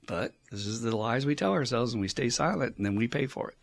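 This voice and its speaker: Gravelly guy giving blunt recovery advice, swears a lot, podcast chat. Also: mid-range voice, animated, fast, dry recording. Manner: blunt, profane, coaching. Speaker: addiction counselor. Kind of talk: casual advice podcast talk.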